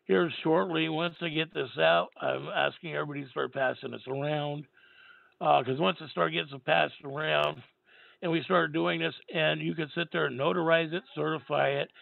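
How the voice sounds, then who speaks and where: Raspy tired man on a phone line. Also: fairly high pitch, no echo. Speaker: talk show host. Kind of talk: call-in radio talk.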